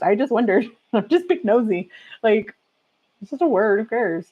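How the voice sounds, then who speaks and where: A woman's voice: medium pitch, animated, a little slow, pauses often, highs cut off. A woman hosting a casual chat stream. She reads aloud, reacts with strong opinions, laughs often and talks straight to her viewers. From California. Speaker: livestream host.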